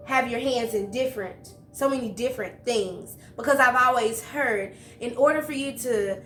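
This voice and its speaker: A woman hosting a casual interview, animated and slangy, laughing often. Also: on the high side, roomy sound. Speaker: host.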